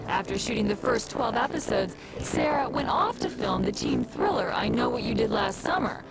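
Woman narrating over loud music. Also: medium pitch, wildly swooping pitch, moderate pace, vocal fry, low-quality recording. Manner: dramatic teasing voice-over. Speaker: show narrator. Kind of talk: scripted TV narration.

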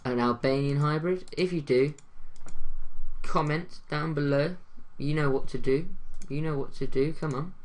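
Laid-back guy thinking out loud over a football game, slow talker, jokey. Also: on the high side. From London. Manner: chatty, jokey, thinks aloud. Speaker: gaming YouTuber. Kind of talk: casual gameplay commentary.

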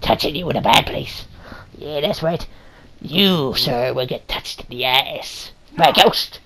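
Voicing a ghost companion while co-playing a story game, a woman chats crudely and teasingly, laughing and swearing. Her voice is deep and a little slow, over heavy background noise.

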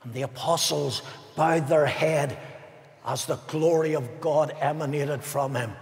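A man preaching a fervent evangelistic sermon as pastor, swinging between ringing declamation and hushed, solemn passages in a large arena. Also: fairly high pitch, a little slow, vocal fry. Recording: echoey arena with long reverb.

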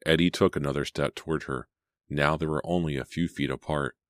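A man with an extremely deep voice narrates a suspense audiobook in a measured, steady manner. The recording is dry and close, with no room sound. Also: no echo. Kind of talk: dramatic audiobook reading.

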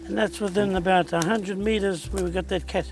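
A man's voice: sits high, steady tone, normal speed, music in the background. A man with a New Zealand accent hosting a hunting show outdoors in the bush, upbeat and slangy, talking straight to viewers. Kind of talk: outdoor on-camera chat.

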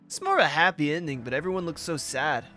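A man's voice: fairly high pitch, animated, quick pace, sharp tone, soft background music. A young man hosting a let's-play video, talking in a casual, rambling way and swearing often, sleepy as he plays. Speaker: gaming video host.

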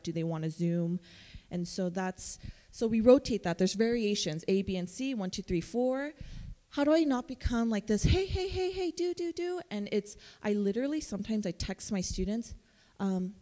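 A woman admissions counselor giving a chatty, animated conference presentation, full of fillers and playful quoted voices. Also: medium pitch. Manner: jumps into playful character voices for quoted texts. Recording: long reverb of a conference room.

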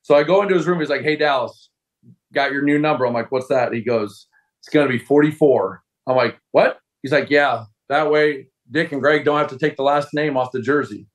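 A man's voice: medium pitch, a little fast. A man in his forties, a former football player, telling a long story as a guest and acting out other people's lines. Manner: animated storyteller, acts out voices of coaches. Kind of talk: casual storytelling interview.

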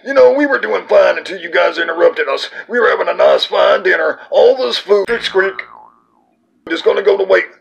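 A man voicing an indignant puppet playing a mouse, shouting squeaky protests. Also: lively intonation, normal speed, a little hiss or hum, heavily acted, poor audio. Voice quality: gravelly.

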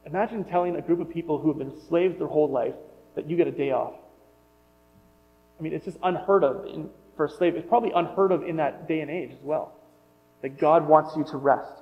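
A man's voice: fairly high pitch, fairly quick. A man giving a sermon, reading scripture aloud and then commenting on it in a casual, joking aside tone. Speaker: pastor. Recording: muffled sound with long hall reverb and mains hum.

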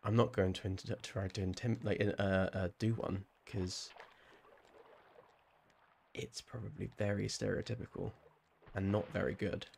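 A man's voice: on the low side, level tone, a little slow, gravelly, a little mellow, a little hiss or hum. A man with a southern English accent, chatting casually with viewers while playing a game on a live stream, rambling and laughing often. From southern England.

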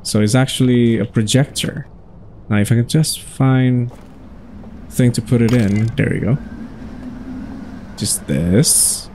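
A man's voice: medium pitch, slow pace, long pauses, a little mellow, slight background noise. A man hosting his own gaming videos, chatting casually and thinking aloud as he plays. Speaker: gaming channel host. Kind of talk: casual let's-play commentary.

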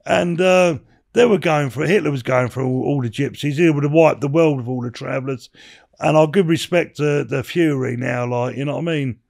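Guesting on a podcast, a former bare-knuckle boxer in his sixties tells rambling stories in a casual interview, full of swearing and "you know what I mean." His voice is a little high with vocal fry and a darkish tone, and he talks a little fast.

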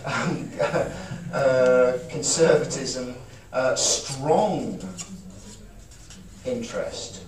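A man's voice: medium pitch, extremely slow. Chatty man in an echoey room. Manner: chatty, joking, acting out emotions for the audience. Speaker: speaker giving a talk. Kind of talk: informal talk to a live audience. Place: small event room. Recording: echoey room, voice from far off, audible noise.

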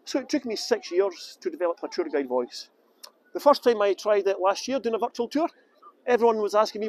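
Walking sunny town streets with his phone in hand, a Scottish man who works as a tour guide rambles chattily on a livestream. He sits high in pitch with a darkish tone, sounding animated and a little fast as he fields viewer questions with fillers.

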